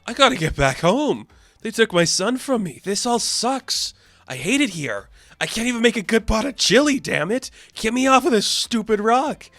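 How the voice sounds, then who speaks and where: A man's voice: high voice, big pitch swings, unhurried, fairly bright tone, dry recording, voice pushed up, heavily acted. A man voicing a grumpy, whiny archer hero who is stranded far from home.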